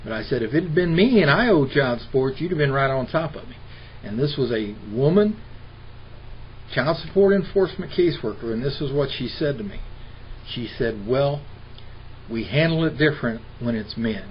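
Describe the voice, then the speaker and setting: A man's voice: medium pitch, sing-song, fairly quick. A middle-aged man telling stories in an interview, argumentative and mimicking the people he quotes. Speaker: interview guest. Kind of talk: impassioned personal storytelling. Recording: dull lo-fi recording with faint hiss.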